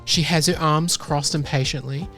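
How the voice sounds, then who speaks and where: A woman narrating a tabletop game as game master, descriptive and unhurried. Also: sits low, fairly even intonation, a bit bright, soft background music.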